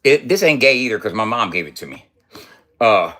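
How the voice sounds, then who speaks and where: A man's voice: on the low side, big pitch swings, a little fast, sharp tone. Profane laughing man in his fifties. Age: 50s. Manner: loose and profane, laughing often, boastful banter. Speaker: vlogger. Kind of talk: casual rambling vlog.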